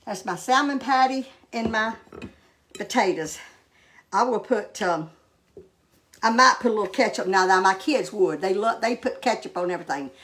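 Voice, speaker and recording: An older woman chats at a mid pitch while she tastes her cooking. She talks in a homey, rambling way, full of ums and uhs. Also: lively intonation, normal speed, a bit bright, slight background noise. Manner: homey, rambling with many fillers. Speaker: cooking show host. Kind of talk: casual cooking vlog chat.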